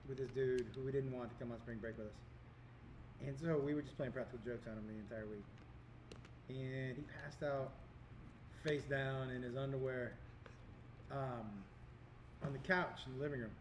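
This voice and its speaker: A man's voice: medium pitch, fairly even intonation, moderate pace, long pauses, noisy background. A man, a comedian co-hosting a casual podcast, who tells stories and laughs his way through the punchlines. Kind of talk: casual chat.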